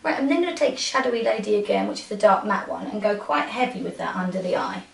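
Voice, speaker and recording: A woman talks through a makeup tutorial, her voice a bit gravelly and soft as she coaxes her model. She sounds set back from the mic in a roomy space. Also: mid-range voice, expressive, fast. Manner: soft-spoken, coaxing instructions to a model. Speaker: makeup artist. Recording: roomy, from a distance.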